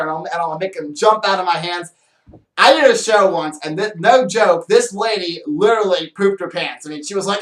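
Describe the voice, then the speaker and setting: A man with a high-pitched voice talks through magic tricks in a loose, rambling way, full of fillers and playful asides. He sounds like he is in a small, echoey room. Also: fairly quick. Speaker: magician host. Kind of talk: casual how-to talk on magic. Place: small room with a counter and shelves.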